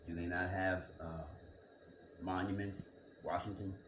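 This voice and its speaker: In an echoey room with some background noise, a man with a low, level voice reads scripture and muses on it at a measured pace. This reflective Bible commentary is full of rhetorical questions and repeated words.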